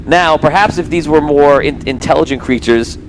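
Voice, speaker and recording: A man's voice: fairly high pitch, normal speed, background noise. A man narrating a tabletop game as game master on a live stream, rambling with many restarts.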